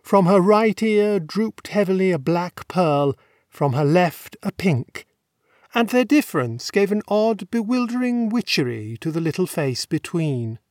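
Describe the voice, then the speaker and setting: A male narrator with a notably high voice reads a classic novel with measured, wry, elegant phrasing. The sound is dry and close to the microphone, with no room around it. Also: expressive, a little mellow, no echo. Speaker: audiobook narrator.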